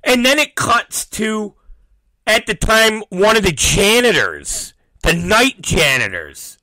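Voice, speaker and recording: Animated high-voiced profane male host. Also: takes it slowly, no echo, rough recording. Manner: profane, acts out quoted voices. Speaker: podcast host. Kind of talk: animated storytelling rant.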